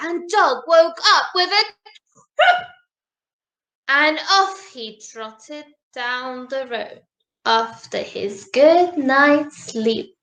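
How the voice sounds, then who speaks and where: A woman reading a picture book aloud to children in a slow, sing-song, animated way. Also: sits high, highs cut off. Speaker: storybook reader. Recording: roomy echo.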